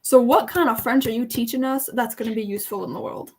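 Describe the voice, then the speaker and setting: A young woman hosting a casual livestream book chat over a video call, teasing and giggling through quick banter. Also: fairly high pitch, fairly even intonation, darkish tone, husky. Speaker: booktube host.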